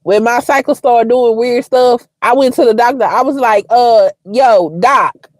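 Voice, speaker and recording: A woman in her forties hosting a live stream, telling personal stories to her viewers in a blunt, frank and expressive way and swearing freely. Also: fairly high pitch, moderate pace, dry recording. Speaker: livestream host. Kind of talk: casual storytelling to viewers.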